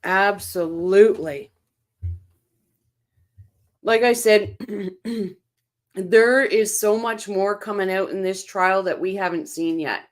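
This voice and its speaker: A woman's voice: mid-range voice, takes it slowly, pauses often. A woman hosting a casual true-crime livestream, reading viewer comments aloud and reacting to them in a chatty way. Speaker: livestream host reading chat.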